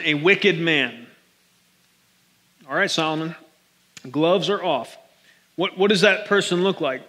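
In a large, reverberant church hall, a pastor with a slightly high, bright, forceful voice gives a relaxed, joking sermon. He speaks directly to the congregation through a stage microphone.

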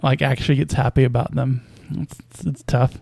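A man's voice: medium pitch, little pitch movement, moderate pace, gravelly, warm tone, husky, dry recording. A man casually commenting on basketball news as a podcast host, with a hesitant, wry delivery full of fillers and small chuckles.

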